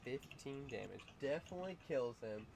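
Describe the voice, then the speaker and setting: A man running a tabletop game as game master, playful and quick with rulings, laughing often. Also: medium pitch, lively intonation, vocal fry, a crowd in the background. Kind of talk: narrating a tabletop game live.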